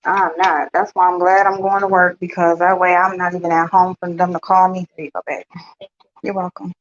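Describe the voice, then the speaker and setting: A woman's voice: on the low side, little pitch movement, fairly quick. A middle-aged woman hosting a casual chat with viewers, talking bluntly and swearing freely. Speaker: host. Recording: dull lo-fi sound.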